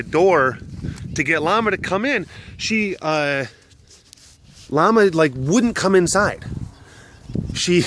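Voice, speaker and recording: Young guy rambling thru a story, bright kinda tense voice, pretty high. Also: a little hiss or hum. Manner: rambling, animated, acts out voices. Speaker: vlogger with big cats. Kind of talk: casual storytelling.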